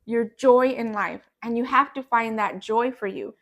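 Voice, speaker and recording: A woman's voice: on the high side, unhurried. A woman talking earnestly in a casual conversation, often breaking into laughter. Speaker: guest. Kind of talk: casual chat.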